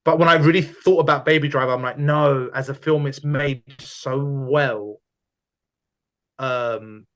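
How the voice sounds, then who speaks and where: A young man with a London accent, co-hosting a casual podcast chat and lively in how he tells things. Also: medium pitch, unhurried. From London, England. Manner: animated, often acts out quoted voices. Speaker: podcast co-host.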